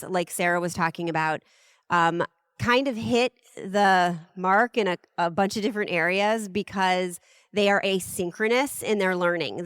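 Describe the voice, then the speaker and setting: A woman's voice: medium pitch, a bit bright, smooth. A woman podcast host talking in a chatty, enthusiastic way. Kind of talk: podcast ad read and talk. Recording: music bed behind voice.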